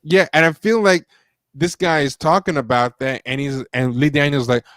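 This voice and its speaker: A man's voice: fairly high pitch, moderate pace, no echo. A man co-hosting a casual livestream discussion, reading quotes aloud and reacting with lots of fillers. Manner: animated, reads quotes aloud, many fillers. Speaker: podcast co-host.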